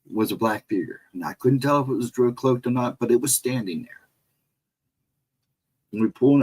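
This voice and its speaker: Husky middle-aged man telling a rambling story. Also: medium pitch, low-quality recording. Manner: rambling, retraces directions step by step, frequent restarts. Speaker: guest storyteller on a paranormal talk show. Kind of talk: casual spoken storytelling.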